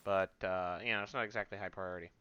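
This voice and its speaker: Let's play host, male, fake British accent, offhand and wry, bright tone. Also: low-pitched, fairly even intonation, fast, dull audio, a little hiss or hum. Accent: put-on British. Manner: wry, offhand, muttering to himself. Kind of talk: casual gameplay commentary.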